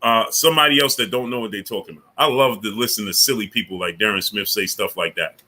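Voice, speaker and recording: A man's voice: fairly low pitch, fast, sharp tone. A man hosting a casual live stream, greeting viewers by name and grumbling with indignation about the platform. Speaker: livestream host.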